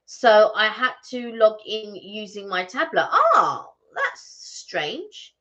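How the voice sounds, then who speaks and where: Chatty, animated woman co-hosting a stream. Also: medium pitch, slow pace. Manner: chatty, rambling storyteller with many restarts. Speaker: co-host of a live stream. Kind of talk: casual live-stream chat. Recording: slightly muffled lo-fi stream audio.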